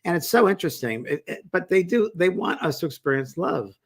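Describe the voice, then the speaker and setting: A man co-hosting a talk show as a medium, chatting in a relaxed, agreeable way with loose, wandering sentences. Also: sits high, brisk, vocal fry. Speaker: co-host, medium. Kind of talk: casual chat.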